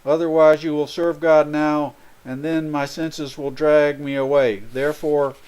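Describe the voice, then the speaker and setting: A man preaches a sermon in an earnest, explaining way. His voice is smooth and clear, pitched a little high for a man. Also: little pitch movement, unhurried, a little mellow. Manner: earnest, explains with everyday examples and acted quotes. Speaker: spiritual speaker.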